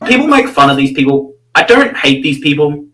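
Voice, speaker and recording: A man's voice: on the high side, sing-song, fairly quick, fairly bright tone, low-quality recording. An Australian man giving rambling, crude, mocking commentary, full of fillers and restarts. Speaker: channel host.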